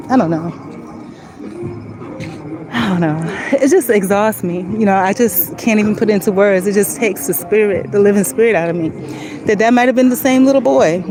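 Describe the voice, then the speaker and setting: In a mid-range voice, a woman speaks earnestly and emotionally to her viewers as she walks along a street. It's a casual, rambling vlog, with background noise audible.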